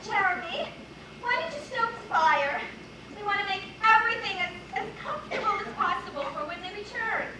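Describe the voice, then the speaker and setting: A woman's voice: very high voice, lively intonation, moderate pace, background noise. A woman playing a fussy, snobbish young niece, speaking in a prim, gossipy, suspicious way on stage. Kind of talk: amateur stage acting. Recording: distant stage voice in echoey hall with audience.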